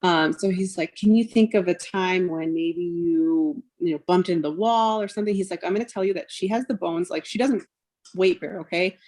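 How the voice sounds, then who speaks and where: A woman's voice: on the low side, moderate pace, darkish tone. A woman in her thirties, a mother and podcast guest, retelling a painful personal story with lots of "like" and "um" and quoted dialogue. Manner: emotional retelling, quotes others, frequent fillers like "like" and "um".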